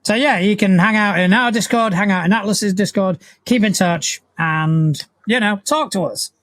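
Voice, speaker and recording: Man, podcast co-host, teasing banter, casual swearing, high-pitched voice, dry close sound. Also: moderate pace, a bit bright, no echo.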